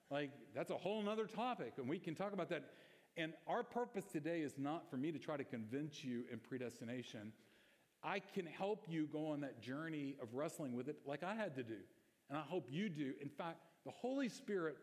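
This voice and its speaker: A man's voice: a little high, animated, moderate pace, darkish tone. A man pastor preaching a sermon, conversational and emphatic, asking rhetorical questions of the congregation. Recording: long reverb of a church hall.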